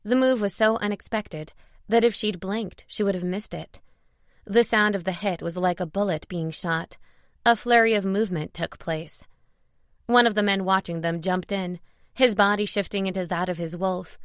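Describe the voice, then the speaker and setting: Female audiobook narrator, mid-pitched, expressive, dry booth sound. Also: normal speed, no echo. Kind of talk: scripted narration.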